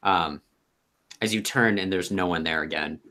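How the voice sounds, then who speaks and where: A man's voice: sits low, moderate pace, pushed and bright. A man narrating as game master, hesitant and full of fillers.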